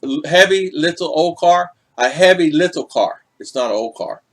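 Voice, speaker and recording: A man's voice: a little high, lively intonation, normal speed. A middle-aged man hosting a casual livestream, chatting and greeting viewers in the chat by name. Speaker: vlog host reading live chat.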